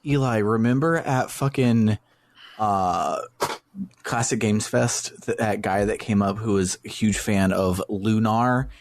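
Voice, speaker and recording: A male podcast host with a lowish voice talks in a loose, rambling way. He fills his sentences with plenty of hesitations and keeps the tone easy and casual. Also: slow pace, no echo. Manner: laid-back, rambling with many fillers.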